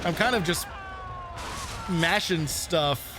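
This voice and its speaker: A man's voice: fairly high pitch, takes it slowly, over music. A man streaming a retro game and rambling through casual commentary, swearing and laughing often.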